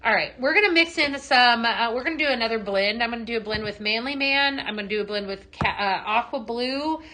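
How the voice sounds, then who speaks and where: A woman's voice: on the high side, a little fast, pushed and bright. A woman hosting a live shopping show, gushing over products with many ums and reading out viewer comments. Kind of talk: live product demo chat.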